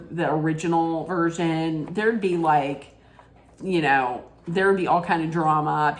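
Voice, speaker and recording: A woman giving a chatty, opinionated, rambling rant-style recap of a reality TV episode. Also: low-pitched.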